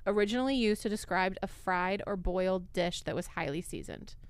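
A woman's voice: mid-range voice, fairly quick, smooth, no room sound. A woman co-hosting a snack podcast, chatting casually and rambling through long explanations. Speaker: podcast co-host. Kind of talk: casual chat.

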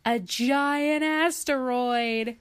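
Brief: woman reading aloud to a child, slow, gentle, playful asides. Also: sits high, smooth. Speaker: reader to a child. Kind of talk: reading a picture book aloud.

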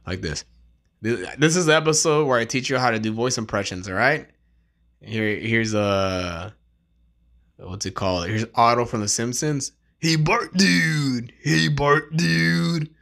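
A man's voice: lowish voice, moderate pace, fairly bright tone. A man in his thirties hosting a podcast in casual chat, rambling, slangy and profane. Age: 30s. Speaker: podcast host.

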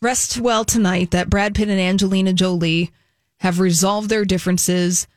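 A woman co-hosting a casual talk show, briskly reading out celebrity news items and quoting her sources. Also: mid-range voice, fairly even intonation, darkish tone, dry recording, clean studio sound. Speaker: co-host reading entertainment news.

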